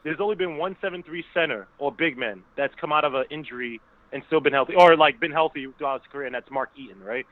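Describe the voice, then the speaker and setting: A male caller talks sports over the phone, rushing ahead with restarts and strong emphasis. The line is thin and tinny, and his voice sits a bit high. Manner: rapid, stumbling restarts, emphatic.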